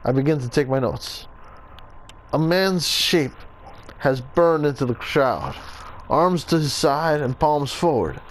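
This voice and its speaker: A man's voice: on the high side, expressive, takes it slowly, slight background noise, rough recording. A man voicing a solemn male Italian assassin reading his journal, in a put-on Italian accent. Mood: grave.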